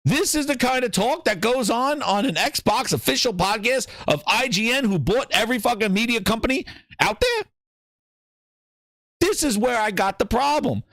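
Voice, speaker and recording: A man hosting a gaming show, ranting hotly and swearing freely. His voice sits high for a man and swings up and down with animated energy. The sound is dry and close, with no room around it. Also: no room sound. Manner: profane, heated ranting. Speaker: gaming channel host. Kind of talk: solo gaming podcast rant.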